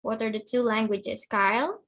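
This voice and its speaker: A woman's voice: on the high side, normal speed, a bit bright, low-quality recording. A woman teaching an online English class to children, explaining patiently and often checking that the students understand.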